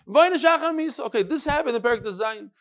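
Animated man teaching a Talmud class. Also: extremely high pitch, fast talker. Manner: animated, sing-song study cadence mixing Hebrew and Yiddish terms.

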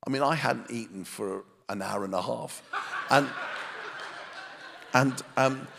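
Gravelly-voiced pastor preaching with comic timing. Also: male voice, medium pitch, takes it slowly, background noise. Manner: self-deprecating, comic timing, storytelling. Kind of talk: sermon with humorous storytelling. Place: church meeting with a live audience. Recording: long reverb of a church hall.

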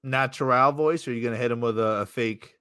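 A man's voice: mid-range voice, quick pace, a bit bright, clear, resonant tone, dry recording, clean studio sound. A man hosting a casual podcast interview, rambling and jokey with plenty of swearing. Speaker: podcast host.

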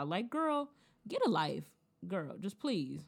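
Woman, lowish register, casual profane TV recap, animated. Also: takes it slowly, gravelly, slightly rough. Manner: blunt, profane, animated retelling.

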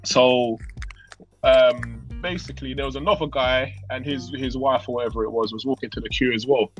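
A man's voice: mid-range voice, normal speed, dull audio, soft background music. A man chatting casually, telling a story at length and dropping "bro" and "innit". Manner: relaxed, rambling storyteller, frequent "bro" and "innit". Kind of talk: casual chat.

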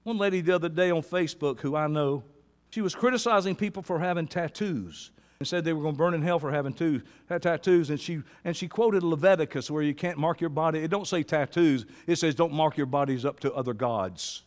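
A man preaching a sermon as pastor, folksy and impassioned, rising to loud fervent peaks and dropping to quiet intensity. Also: a little high, a little fast, big-room sound. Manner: folksy colloquial speech with rhetorical questions to the congregation.

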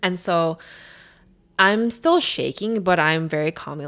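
A woman's voice: fairly low pitch, measured pace, fairly bright tone. A young woman telling a story in casual chat, rambling with many filler words.

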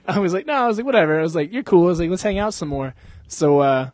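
A man's voice: high-pitched, expressive, normal speed, darkish tone, no room sound. A young man on a podcast, casually telling a story in a loose, profane way and laughing often. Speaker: podcast co-host. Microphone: podcast microphone.

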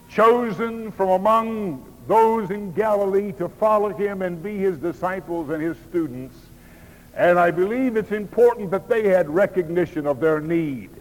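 Man preaching in a reverberant church. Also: on the high side. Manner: slow, measured preaching with emphatic pauses. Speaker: pastor. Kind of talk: sermon. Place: church auditorium. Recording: long hall reverb.

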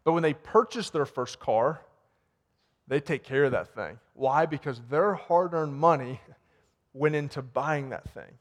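A man with a fairly high voice preaches to his church in a loose, conversational way. He retells a story, repeats words as he searches for them, and moves into a prayer. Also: a little slow. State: sweating. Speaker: pastor. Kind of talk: sermon with closing prayer. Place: warm church sanctuary.

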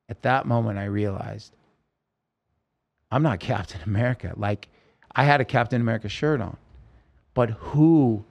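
A man as an interview guest, telling a personal story in halting speech with frequent restarts and self-corrections. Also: mid-range voice, a little mellow.

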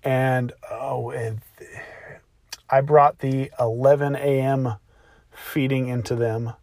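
Tired man telling a slow, plain story. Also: mid-range voice, flat delivery, darkish tone, no room sound. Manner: tired, plainspoken, self-reflective. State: exhausted. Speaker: podcast host, new father of twins. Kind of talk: casual personal storytelling monologue.

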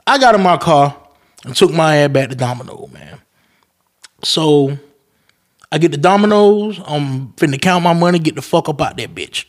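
Young guy hosting a podcast, cussing a lot while he tells a story, voice sits a bit high. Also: moderate pace. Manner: profane, animated storytelling with acted-out quotes. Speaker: podcast host. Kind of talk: casual storytelling monologue.

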